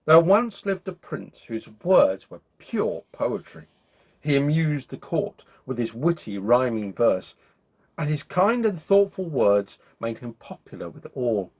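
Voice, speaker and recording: A man hosting his own show, reading a children's bedtime story aloud in an expressive, animated way. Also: mid-range voice, a little slow, husky. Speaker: storyteller host.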